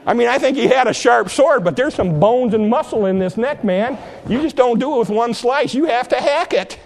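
An older man preaching a sermon, retelling a story in a lively, joking way. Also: very high voice, moderate pace, gravelly. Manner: lively, jokey storytelling with laughs.

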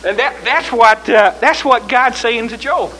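Man, preacher, fervent sermon, shouts and hushed tones, bright sharp voice. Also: very high-pitched, measured pace, a little hiss or hum, poor audio.

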